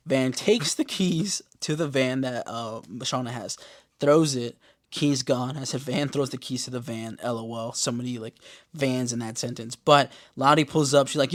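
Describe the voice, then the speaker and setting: A man casually recapping a TV episode, animated and profane, briefly mimicking the characters' lines. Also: mid-range voice. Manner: animated, profane, acts out characters' lines in quick put-on voices. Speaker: podcast host recapping a TV show.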